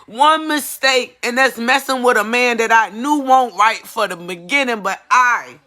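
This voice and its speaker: A woman's voice: on the high side, a little slow, pushed and bright. A woman giving an emotional personal testimony as a mother, earnest and pleading, repeating phrases for emphasis.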